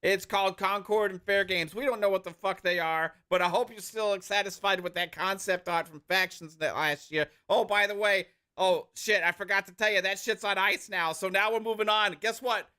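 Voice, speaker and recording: A man's voice: steady tone, moderate pace, hardly any pauses, clean tone. A man voicing a brash, profane game-company executive hyping multiplayer, in a mock Australian-Jersey accent. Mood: salesy. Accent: mock Australian-Jersey mix. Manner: loud salesman pitch, profane.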